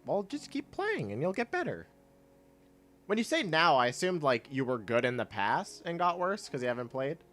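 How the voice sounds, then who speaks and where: A man's voice: on the high side, big pitch swings, moderate pace, a little hiss or hum. Chatty, laid-back streamer man. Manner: laid-back, rambling, laughs often. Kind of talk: casual chat while gaming. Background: soft chill music.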